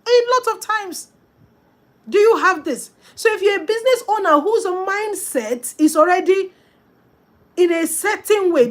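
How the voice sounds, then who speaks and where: A woman's voice: very high voice, a bit bright. A woman giving an emphatic, preachy motivational talk on selling, speaking straight to her listeners as a business coach. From Africa.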